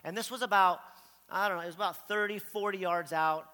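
A middle-aged man preaching, telling a story in an animated way and acting out the voices in it. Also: high voice, a little fast. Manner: animated storyteller, acts out quotes loudly. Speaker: pastor. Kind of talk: storytelling sermon. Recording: long hall reverb.

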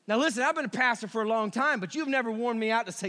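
A middle-aged man preaching a sermon as pastor, animated and quick, dropping to a hush and rising to emphatic peaks. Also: extremely high pitch, long reverb tail.

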